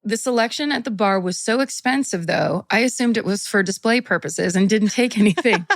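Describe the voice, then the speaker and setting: A woman's voice: medium pitch, a little fast, dry recording. Laughing woman co-host reading a story. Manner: laughs often while reading, animated. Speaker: podcast co-host. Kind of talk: reading a listener's story aloud, casual chat.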